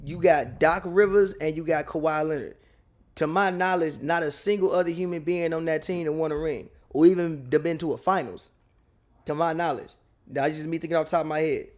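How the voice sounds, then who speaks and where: A man with a fairly high voice in relaxed sports banter. He talks in slang, repeats words and cuts in often. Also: brisk. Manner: slangy, repetitive, interjecting. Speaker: podcast co-host. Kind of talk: casual sports talk.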